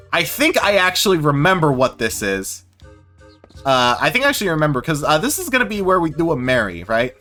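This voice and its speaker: A man giving casual, rambling commentary while streaming a game, self-deprecating and quick to swear. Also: fairly high pitch, sharp tone.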